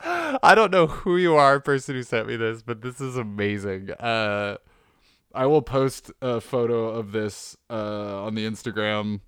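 A man's voice: mid-range voice, expressive, a little slow, fairly bright tone, smooth, dry recording, studio quality. A man hosting a podcast, casually reading odd text aloud and laughing at it. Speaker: podcast host.

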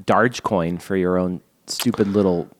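A man's voice: low voice, fairly even intonation, moderate pace, dry recording. A man co-hosting a comedy podcast, rambling in mock exasperation. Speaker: podcast co-host. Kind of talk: comedic improvised podcast banter.

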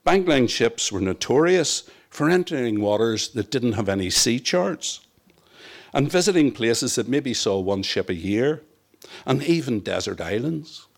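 A man's voice: medium pitch, animated, unhurried. A man from Northern Ireland reading his own memoir aloud in a wry, reflective storytelling manner. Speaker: narrator. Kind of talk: first-person memoir reading.

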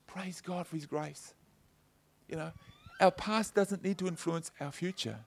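A man's voice: a little high, a little slow, creaky. A middle-aged man preaching a conversational sermon, telling personal stories and checking in with his listeners by asking "okay?". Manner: chatty and personal, tags points with "okay?" and "you know". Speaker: pastor.

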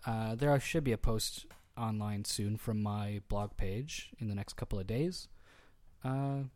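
A man's voice: lowish voice, measured pace, darkish tone. A Canadian man co-hosting a casual podcast chat, easygoing and hesitant, with many fillers and restarts. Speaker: podcast co-host.

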